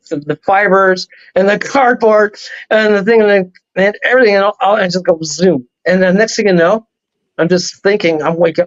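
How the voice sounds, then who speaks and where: Male guest, high-pitched, animated and rambling storyteller, muffled lo-fi audio. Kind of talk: casual storytelling on a talk show.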